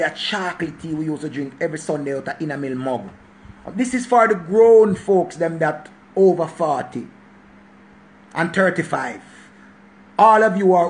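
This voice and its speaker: A Jamaican man in his forties holds forth in a casual monologue rant, his voice sitting high for a man. He is preachy and emphatic and hammers each point by saying it again. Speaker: channel host.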